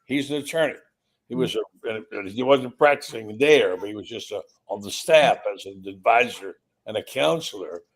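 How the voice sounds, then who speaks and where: A man's voice: fairly low pitch, lively intonation, moderate pace. A man, a sports writer guest, telling a story in a confiding, anecdotal way and often repeating his words. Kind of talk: casual storytelling on a panel.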